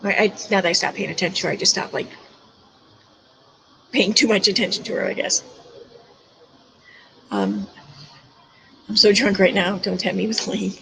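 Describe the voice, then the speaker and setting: A woman's voice: medium pitch, lively intonation, moderate pace, vocal fry, long pauses, a bit bright, a little hiss or hum, rough recording. A woman hosting a livestream, chatting casually with callers and laughing often. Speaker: livestream host.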